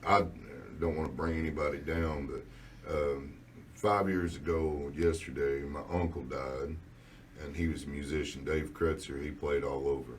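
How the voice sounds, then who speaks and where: A man in his forties with a deep, dark voice, a musician guest rambling through a casual radio studio interview with many fillers. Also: fairly even intonation, normal speed, far from the mic, slight background noise.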